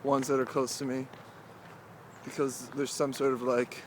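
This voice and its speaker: A young man talking casually to the camera as he walks outdoors through a cemetery, rambling and halting, with many "like"s and restarts. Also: mid-range voice, level tone, slight background noise. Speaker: vlogger. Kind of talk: casual walking vlog monologue.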